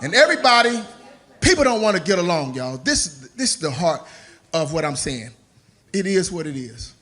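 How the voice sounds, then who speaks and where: A man's voice: fairly high pitch, very animated, normal speed, pushed and bright. A man doing a stand-up comedy set on stage, loose and playful, slipping into character voices. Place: comedy stage before a live audience.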